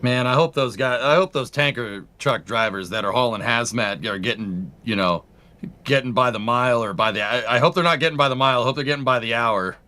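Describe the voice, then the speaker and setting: Easygoing man, mid-range pitch, banter on a live stream. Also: fairly quick, bright, forceful tone. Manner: laid-back, jokey, says "dude". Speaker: livestream co-host. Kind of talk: casual chat on a livestream.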